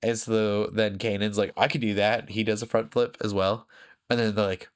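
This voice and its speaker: A man's voice: fairly low pitch, little pitch movement, normal speed, clean tone. A man co-hosting a podcast in casual chat, rambling with lots of fillers and frequent laughs. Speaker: podcast co-host.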